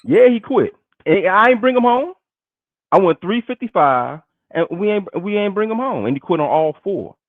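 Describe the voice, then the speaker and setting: A man's voice: sits high, expressive, moderate pace, no echo. A man in a casual streamed talk, pressing the others and repeating the same question. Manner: insistent, keeps repeating his question. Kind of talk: casual banter. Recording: dull lo-fi stream audio.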